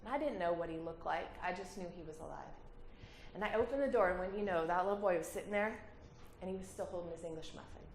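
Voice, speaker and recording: Guest speaker: woman, thirties, animated storyteller, roomy hall sound. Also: lowish voice, quick pace, a little hiss or hum. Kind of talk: personal storytelling talk. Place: community hall. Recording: roomy hall with faint ambience.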